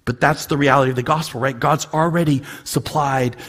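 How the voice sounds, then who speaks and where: A man preaching a sermon as a pastor, dropping to near-whispers and then rising to loud, emphatic peaks, often repeating words. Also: mid-range voice, steady tone, brisk.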